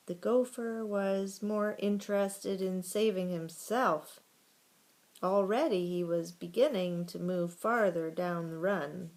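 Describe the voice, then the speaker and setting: A woman reading a children's book aloud in a slow, steady storytelling manner. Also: medium pitch. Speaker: reader.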